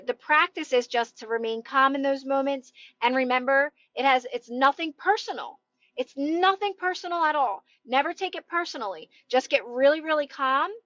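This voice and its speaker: A woman coaching viewers in a casual live-stream chat, talking loudly and emphatically in a reassuring way. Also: sits high, no room sound, highs cut off. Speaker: manifestation coach. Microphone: phone.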